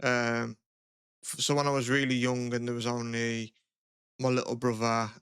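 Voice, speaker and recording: A man's voice: medium pitch, little pitch movement, normal speed, fairly bright tone, clear, resonant tone, no echo, studio quality. A man co-hosting a podcast in casual chat, rambling, with a lot of "like" and swearing. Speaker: podcast co-host.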